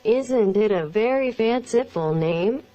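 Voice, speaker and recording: A text-to-speech woman's voice reading the lines of a nervous young wife, flat and slow. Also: a little high, muffled recording. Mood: uneasy. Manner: hasty, strained.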